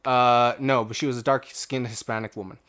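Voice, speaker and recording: A man's voice: medium pitch, level tone, brisk, a bit bright. A young man co-hosting a podcast, telling a rambling work story in casual chat and acting out the other people's lines. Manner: rambling anecdote with acted-out quotes and laughter. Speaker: podcast co-host.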